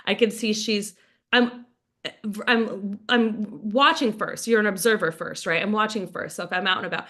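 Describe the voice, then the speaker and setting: A middle-aged woman leading an online sales training, lively and casual, acting out both sides of sample conversations. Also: medium pitch, normal speed.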